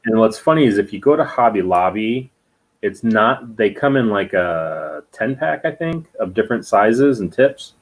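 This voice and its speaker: Low-voiced man talking haltingly. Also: lively intonation, low-quality recording. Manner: halting, filler-heavy talk. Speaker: guest artist. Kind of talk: casual chat.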